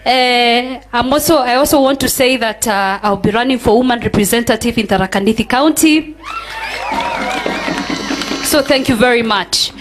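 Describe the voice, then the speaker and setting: A woman's voice: a little high, slight background noise. A Kenyan woman giving a formal, grateful welcome speech at a political rally as a candidate. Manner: formal, grateful, halting with fillers. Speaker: political aspirant.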